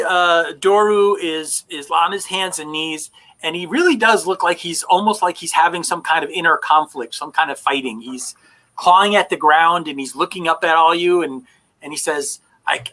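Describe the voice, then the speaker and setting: A man's voice: on the high side, normal speed, sharp tone, poor audio. A man narrating as game master of a tabletop horror game, describing scenes with frequent fillers.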